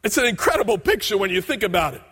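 A man preaches a sermon in a high, husky voice, retelling scripture with emphatic, drawn-out quotes. The sound rings with long reverb from a large hall. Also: sing-song, bright, forceful tone.

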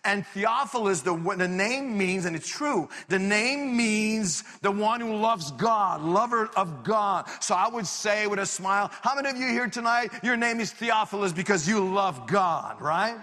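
A man's voice: high-pitched, animated, unhurried, hardly any pauses, bright, forceful tone. A man preaching a sermon, telling stories with emotional, pleading restarts in a large church hall. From French Canada. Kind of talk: sermon storytelling. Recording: long hall reverb.

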